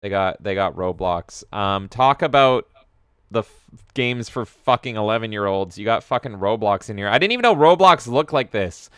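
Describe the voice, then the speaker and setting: A man co-hosts a podcast in casual live-stream chat, animated and quick to swear. His voice is smooth and resonant at a middle pitch. The sound is close and dry. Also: no room sound. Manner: animated, swears often, jokey. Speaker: podcast co-host.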